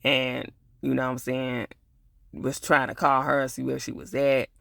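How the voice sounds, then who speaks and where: A man's voice: medium pitch, monotone, unhurried, gravelly, bright, forceful tone, no room sound, clean studio sound. A man casually retelling a TV episode, with loose, chatty asides. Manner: loose, conversational retelling with lots of filler asides. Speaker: TV episode reviewer.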